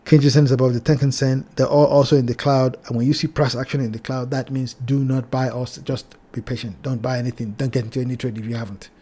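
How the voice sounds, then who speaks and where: A man hosting a trading channel, walking through price charts in a cautionary tone, repeating his warnings and addressing viewers as ladies and gentlemen. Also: mid-range voice, level tone, fast talker, hardly any pauses, slightly rough. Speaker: crypto trading channel host. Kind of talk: chart analysis talk.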